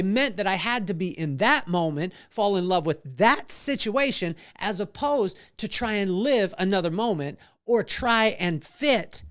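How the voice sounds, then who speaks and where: A middle-aged man hosting a devotional podcast, telling a personal story with animated delivery and acted-out voices. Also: high voice. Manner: animated, acts out voices in stories. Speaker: podcast host.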